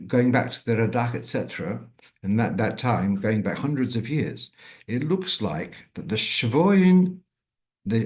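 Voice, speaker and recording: An older man, a rabbi, teaching a weekly Torah class in a measured, unscripted way, often pausing and restarting as he thinks aloud. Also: mid-range voice, a little mellow.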